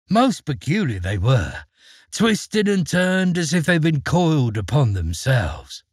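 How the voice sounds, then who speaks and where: A man narrating a fairy tale in an expressive, dramatic storytelling manner. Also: a little high, slow, husky, dry recording, studio quality.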